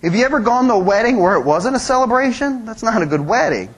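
A man preaching a sermon as pastor, animated, acting out quoted voices and making joking asides. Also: high voice, fast, slightly rough.

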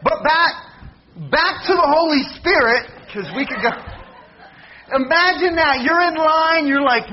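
A man preaching a humorous sermon, telling jokey stories with animated mock shouting. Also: extremely high pitch, measured pace, lo-fi sound.

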